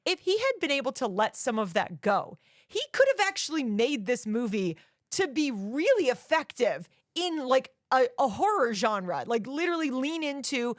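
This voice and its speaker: Chatty woman with a higher voice. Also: very animated, moderate pace, no echo, clean studio sound. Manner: chatty, emphatic, says "like" often. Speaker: podcast co-host. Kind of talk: casual movie review chat.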